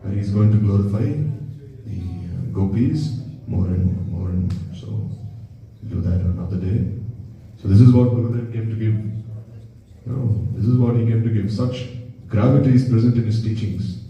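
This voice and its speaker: A man's voice: lowish voice, normal speed, long pauses, lo-fi sound. A man giving a devotional sermon as a spiritual teacher, telling stories and asking his listeners rhetorical questions. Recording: very echoey room, distant mic.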